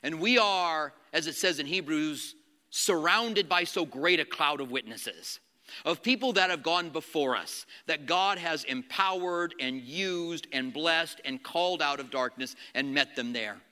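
A man preaching a sermon as a pastor, animated, acting out quotes and asking the congregation questions. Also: on the high side, measured pace, long reverb tail.

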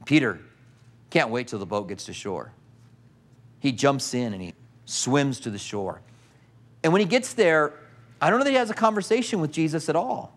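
Male preacher, sermon, vivid storyteller, rhetorical questions, slightly high voice. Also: expressive, normal speed, pauses often.

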